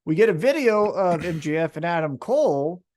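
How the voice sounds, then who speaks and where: A man co-hosting a podcast, recapping wrestling in casual, profane, animated storytelling. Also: fairly high pitch, normal speed. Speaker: podcast co-host.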